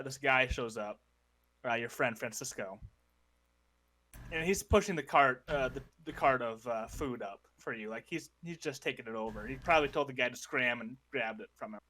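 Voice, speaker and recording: Bright-voiced man running a tabletop game. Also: medium pitch, moderate pace. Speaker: game master.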